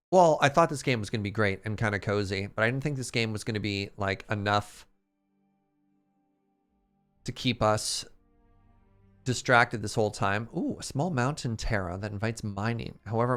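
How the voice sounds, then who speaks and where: A man's voice: medium pitch, a bit bright. A Canadian man chatting casually and joking around while streaming a game. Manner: playful, joking, exclamatory. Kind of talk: casual gameplay chat.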